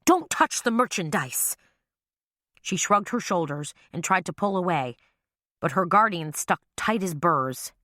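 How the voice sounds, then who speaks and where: A woman narrating an audiobook with lively storytelling. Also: on the low side, a little slow, no echo, clean studio sound. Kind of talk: scripted narration.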